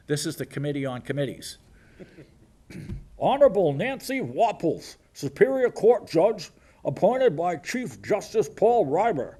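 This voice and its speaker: A man's voice: a little high, darkish tone. A man in his sixties giving sardonic local TV news commentary, mocking and rambling with jokey asides. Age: 60s.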